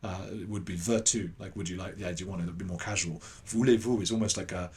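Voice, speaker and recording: A man with an English accent telling a long anecdote as a podcast guest, animated and acting out the voices of other people. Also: low voice, fast talker. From England. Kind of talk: casual anecdote in an interview.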